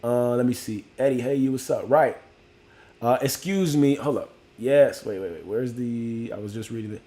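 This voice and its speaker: A man's voice: medium pitch, brisk, mellow. A male live streamer chats loosely with his audience and keeps dropping "you know what I'm saying." He talks straight to viewers, reads out their comments and names, and moves from musing to pep talk. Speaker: livestream host. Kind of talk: casual live-stream chat.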